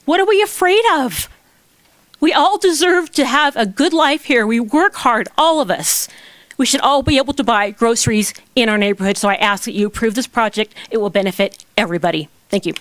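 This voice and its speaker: A woman makes a passionate public comment from the podium of a town council chamber. Her voice sits fairly high and sounds dry and close, and she drives her argument with pointed rhetorical questions. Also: fairly quick, a bit bright, no room sound. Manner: impassioned, emphatic rhetorical questions.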